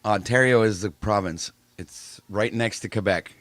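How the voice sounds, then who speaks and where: A man's voice: lowish voice, normal speed, a bit bright, no echo. A man from Canada chatting casually on an online panel call, laid-back and matter-of-fact. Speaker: panel guest. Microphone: video call.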